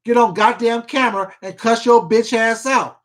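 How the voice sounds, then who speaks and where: High-voiced, blunt, profane man ranting. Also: moderate pace, a bit bright. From Washington State. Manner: blunt, profane and emphatic, repeats himself, greets viewers by name. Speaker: mukbang YouTuber. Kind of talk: casual live-stream rant while eating.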